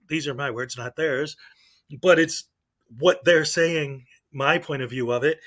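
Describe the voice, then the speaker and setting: High-voiced man ranting sarcastically. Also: animated, unhurried, fairly bright tone. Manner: sarcastic, exasperated, sighing. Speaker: online video commentator. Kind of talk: casual ranting commentary.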